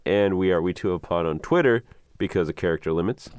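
Male podcast co-host, very low and smooth voice, dry close sound, loose rambling delivery. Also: fast talker, a little mellow, dry recording. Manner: plugs the show in a loose, rambling sign-off. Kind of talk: casual podcast chat.

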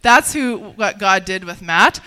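A woman sharing a personal faith testimony in conversation, earnest and halting, with many restarts. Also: medium pitch, lively intonation, sharp tone, clear, resonant tone.

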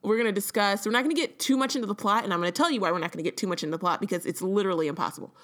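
A woman co-hosting a casual book podcast, her voice sitting at a comfortable middle pitch. She chats loosely, fills her sentences with "like" and laughs easily as she goes. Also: very fast, fairly bright tone. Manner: chatty, lots of "like", laughs often. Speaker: podcast co-host. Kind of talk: casual book-club chat.

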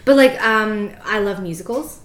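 A woman's voice: medium pitch, expressive, moderate pace, a bit bright, echoey room. A woman in her late twenties, a podcast host, chatting casually with many fillers. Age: late 20s. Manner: chatty, lots of fillers and likes, laughs easily. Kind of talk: casual chat.

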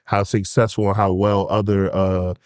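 A man's voice: sits low, little pitch movement, moderate pace, dry recording, clean studio sound. A man co-hosting a hip hop album podcast, chatting casually and telling stories with a laid-back manner. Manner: laid-back, storytelling with laughs. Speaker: podcast co-host. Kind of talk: casual chat.

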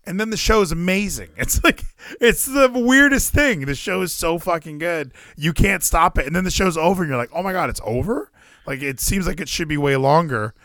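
Animated, ranting man with a lively voice. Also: on the high side, fairly quick, dry recording, clean studio sound. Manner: animated ranting, swears freely, acts out crowd shouts. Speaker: podcast co-host. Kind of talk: casual wrestling chat.

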